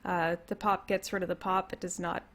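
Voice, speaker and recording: A young woman with a Canadian accent, a little hoarse from losing her voice, rambling through a casual livestream from home, laughing often. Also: fairly low pitch, flat delivery, a little fast, fairly bright tone. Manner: rambling, laughs often, reads chat comments aloud. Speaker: livestream host. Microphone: computer mic.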